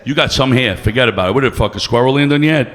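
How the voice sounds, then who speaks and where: A man's voice: mid-range voice, rapid-fire, a bit bright. A man doing stand-up, brash and profane, teasing the crowd. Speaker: stand-up comedian. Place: comedy club stage. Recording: long reverb of a club room.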